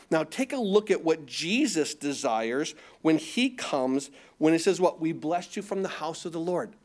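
A man preaching a sermon, reading scripture aloud and explaining it, often asking his listeners rhetorical questions and repeating words as he goes. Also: on the high side. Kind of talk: expository sermon.

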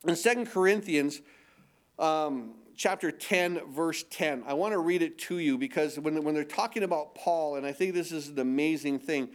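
Older pastor preaching with restarts. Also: male voice, on the high side, moderate pace. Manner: conversational preaching with repetitions and restarts; mock-incredulous put-on voices for emphasis. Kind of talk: sermon.

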